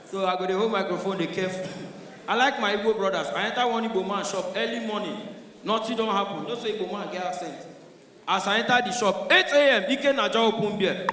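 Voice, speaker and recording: A male stand-up comedian with a Nigerian Pidgin accent, telling animated stories and slipping into character voices. His voice sits fairly high for a man. He is heard from far off, with a long hall echo. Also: fairly quick, pauses often. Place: large live comedy venue.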